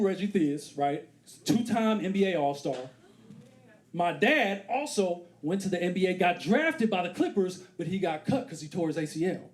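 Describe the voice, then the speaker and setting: A man in his thirties doing stand-up comedy on a theater stage, acting out characters with big voice swings. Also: sits high. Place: comedy theater stage before a live audience. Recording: live club recording with audience laughter.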